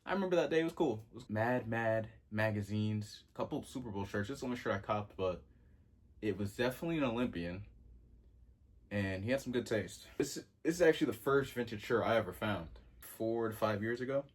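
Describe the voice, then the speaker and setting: A man in his twenties talking casually in a vlog, slangy and excitable, with sudden jumps in pitch. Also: brisk. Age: 20s. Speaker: vintage clothing vlogger.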